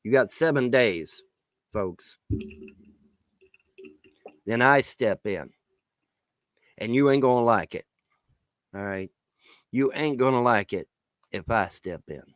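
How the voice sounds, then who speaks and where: A man ranting at the camera in a vlog, swearing constantly, taunting his critics and shouting in bursts. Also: mid-range voice, animated, takes it slowly, long pauses, dry recording. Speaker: vlogger. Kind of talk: angry profane rant to camera.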